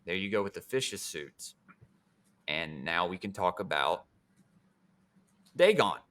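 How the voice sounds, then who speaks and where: A man's voice: sits low, slow. A man hosting a casual podcast, chatting in a laid-back, slangy way and sometimes reading passages aloud. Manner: laid-back, slangy, bursts into animated impressions. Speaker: podcast host.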